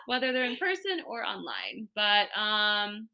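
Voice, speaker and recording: A young woman co-hosting a casual podcast, mostly reacting with quick interjections and casual swearing. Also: medium pitch, very animated, bright, forceful tone. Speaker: podcast co-host. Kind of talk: casual chat.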